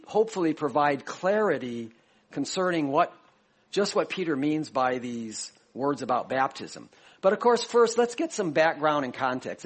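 Conversational man preaching a sermon. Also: on the high side. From Chicago. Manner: conversational, explanatory, addresses the congregation directly. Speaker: pastor.

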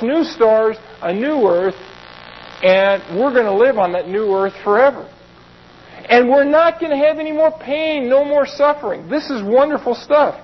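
Pastor guy with a really high voice, chatty sermon, kinda muffled lo-fi sound. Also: slight background noise. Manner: conversational, explains verses in plain asides. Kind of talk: sermon with Bible reading.

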